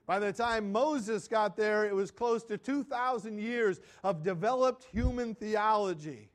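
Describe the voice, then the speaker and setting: High-voiced man preaching conversationally. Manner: conversational preaching, asks and answers himself; trails off quietly at phrase ends, with restarts. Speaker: pastor. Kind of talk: sermon.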